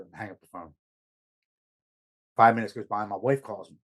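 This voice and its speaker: A man's voice: lowish voice, fairly even intonation, quick pace, poor audio. A man, a podcast guest, recounting his recovery story in an earnest, emotional way, stammering over words at times.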